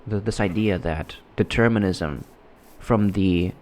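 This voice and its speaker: Low-voiced guy chatting while he plays, halting and rambly, faint hum behind. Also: darkish tone. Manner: rambling, halting, many restarts. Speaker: gameplay commentator. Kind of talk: casual gameplay commentary.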